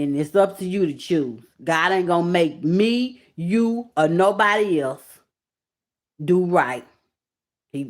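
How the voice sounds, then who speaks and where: A woman in her thirties hosting a casual live stream, reading viewer comments aloud, emotional and swinging between loud excited bursts and soft low murmurs.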